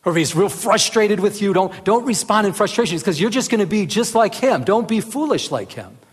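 Speaking a little quickly in a high-pitched, slightly rough voice, a man teaches the Bible casually and earnestly. Recorded in a reverberant hall, he lifts into animated emphasis and repeatedly asks "remember?"

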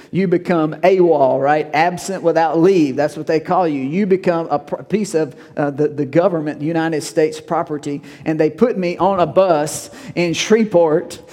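A man's voice: a little high, dark tone, long reverb tail. A male pastor, preaching a sermon in a folksy, conversational storytelling way.

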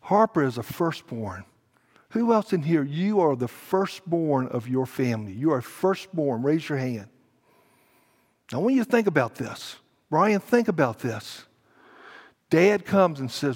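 A middle-aged man, a pastor preaching a sermon, telling a story dramatically and swinging between hushed and loud. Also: fairly high pitch, lively intonation, measured pace, slightly rough. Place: church sanctuary. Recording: long church hall reverb.

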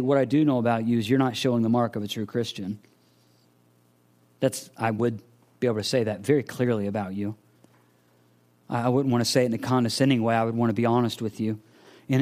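A man's voice: mid-range voice, a little mellow. A man preaching a sermon, earnestly asking searching questions and acting out the voices of imagined listeners. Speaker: pastor.

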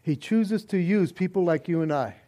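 A man preaching a sermon in a joking, animated way, acting out little prayers and voices as he goes. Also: sits high, normal speed. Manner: animated, jokey, acts out quoted prayers and voices. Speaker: pastor.

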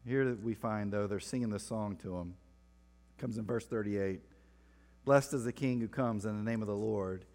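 A man's voice: on the low side, moderate pace, darkish tone. A man preaching a sermon, reading scripture and breaking off for playful asides. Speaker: pastor. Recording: long reverb of a large hall.

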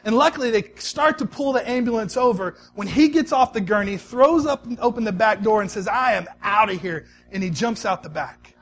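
A male pastor delivering a sermon in a conversational, storytelling way, swinging between soft, quiet stretches and emphatic ones. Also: high voice, lively intonation, fairly quick, few pauses, a little hiss or hum.

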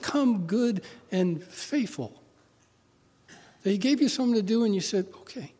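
Guy preaching in a big echoey church, high voice, goes from loud to hushed telling stories. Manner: storytelling, swings from loud urging to quiet intimacy. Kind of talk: sermon. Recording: long hall reverb.

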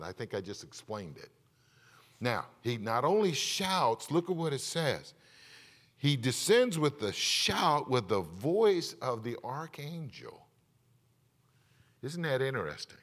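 A middle-aged man preaching a sermon as pastor, moving between loud emphatic points and low confiding asides while putting questions to his congregation. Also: very animated, a little slow.

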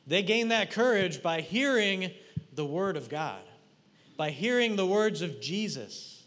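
Animated male preacher in a reverberant hall. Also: high-pitched, a little slow. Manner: animated, playful, addresses congregation directly. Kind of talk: sermon with guided imagery.

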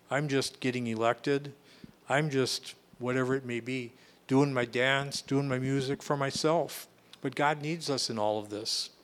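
A man preaching a sermon in an earnest, emphatic way, often restarting and repeating phrases as he goes. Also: medium pitch.

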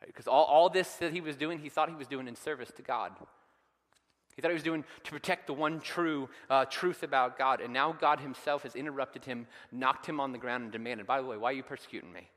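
A man preaching a sermon, retelling scripture dramatically and building to loud, emphatic peaks. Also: mid-range voice, fairly quick, long reverb tail. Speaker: pastor.

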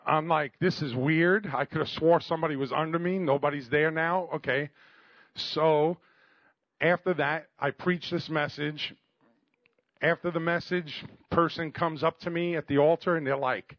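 A middle-aged man preaching, telling a story in an animated, joking way and calling for amens. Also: on the high side, normal speed, no echo, muffled recording. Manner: animated, jokey, calls for amens. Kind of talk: storytelling sermon.

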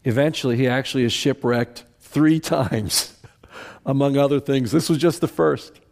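A man preaching a sermon as a pastor, earnest and emphatic, sometimes softening to a hushed voice. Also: mid-range voice, normal speed, vocal fry.

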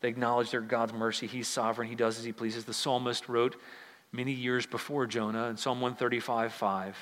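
Bright-voiced male preacher in a big hall. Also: brisk. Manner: animated preaching, surging loud and high then dropping low. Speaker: pastor. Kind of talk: sermon.

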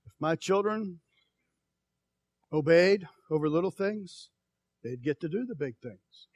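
Preaching man swinging loud to hushed. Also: on the high side, expressive, husky, dry recording. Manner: swings from soft, slow quiet passages to loud emphatic calls; folksy, tells personal stories. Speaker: pastor. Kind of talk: sermon.

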